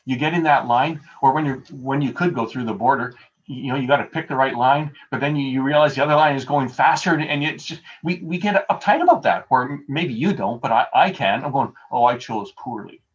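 Over a video call with dull, lo-fi audio, a male pastor delivers a conversational sermon. His mid-range voice moves a little quickly as he tells everyday stories with a self-deprecating touch.

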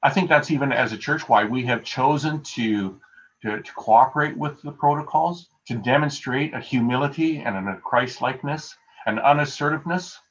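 A man's voice: mid-range voice, normal speed. A male pastor giving a conversational sermon over a video call, telling everyday stories with a self-deprecating touch. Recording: dull lo-fi video call audio.

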